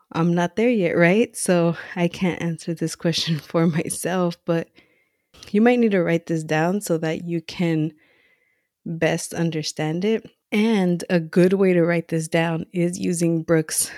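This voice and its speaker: Soft-spoken, chatty woman podcaster. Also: lowish voice, no room sound, studio quality. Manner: chatty, conversational, laughs often, says "like" and "right"; speaking softly to keep quiet. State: a little out of breath. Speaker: podcast host. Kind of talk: casual self-coaching talk. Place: home at night.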